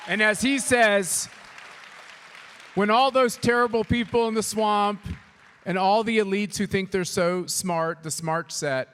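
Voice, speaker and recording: A man's voice: sits high, steady tone, unhurried, a bit bright, a faint crowd, slight background noise. Joking male moderator in a reverberant hall. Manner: joking, partisan banter. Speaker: interviewer, moderator. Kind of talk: live on-stage conversation. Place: conference hall with an audience.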